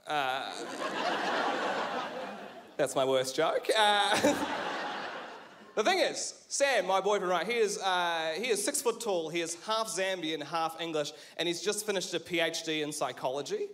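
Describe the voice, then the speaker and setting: Wry New Zealand comedian, high voice. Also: male voice, lively intonation, takes it slowly, noisy background. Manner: wry, self-deprecating, laughing at his own lines. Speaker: stand-up comedian. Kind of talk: stand-up comedy set. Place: stage.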